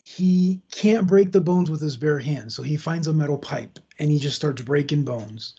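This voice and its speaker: Gravelly dark-voiced man telling a story. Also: a little high, normal speed, highs cut off. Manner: loose and conversational, retelling with asides. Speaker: podcast host. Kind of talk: casual true crime storytelling.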